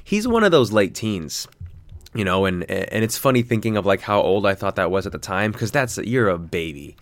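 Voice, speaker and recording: A young man talking casually in a rambling, chatty vlog, with self-deprecating jokes and sudden jumps up in pitch when he gets excited. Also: moderate pace, no room sound. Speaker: vlogger.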